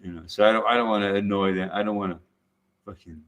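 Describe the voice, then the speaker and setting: A Southern California man hosts his own YouTube channel, chatting casually in a fast, steady voice that's on the low side yet fairly bright. He's blunt, swears freely, and laughs often.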